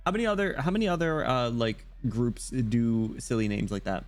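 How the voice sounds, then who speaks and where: A man's voice: medium pitch, moderate pace, soft background music. Playful British man streaming. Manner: rambling and playful, frequent throat clearing. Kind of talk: casual live-stream chat while reading game dialogue.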